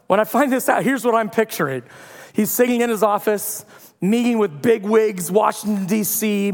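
High-voiced man preaching in a hall. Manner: storytelling with playful humor and loud bursts. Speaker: pastor. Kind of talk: sermon. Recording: long hall reverb.

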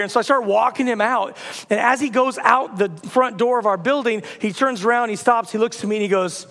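A man's voice: very high voice, brisk, creaky, fairly bright tone, in a large hall. A man preaching a sermon in a church, telling stories in a casual, conversational way with humor. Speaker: pastor. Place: church auditorium.

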